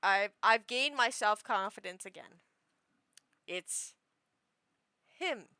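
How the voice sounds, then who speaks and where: A woman's voice: mid-range voice, animated, takes it slowly, long pauses, sharp tone, smooth, dry recording. A young woman chatting casually on a stream, rambling and self-deprecating with frequent giggles. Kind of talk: casual chat.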